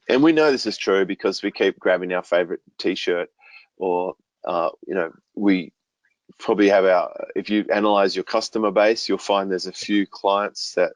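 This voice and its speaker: A man being interviewed as a business coach, talking in a relaxed way and explaining ideas through homely stories and analogies. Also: sits low, no echo, poor audio. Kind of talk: conversational podcast interview.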